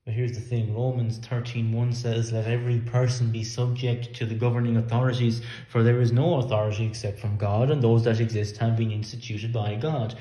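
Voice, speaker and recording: A man's voice: mid-range voice, flat delivery, a little fast, few pauses, mellow. A man preaching a sermon in an earnest, emphatic way, sometimes repeating words as he works through a point. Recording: echoey room.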